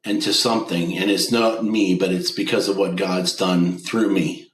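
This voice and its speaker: A man's voice: sits low, steady tone, moderate pace, reverberant, a little hiss or hum, poor audio. A man, a business owner telling an emotional personal testimony as an interview guest, acting out the dialogue he quotes. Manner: earnest storyteller who acts out quoted dialogue.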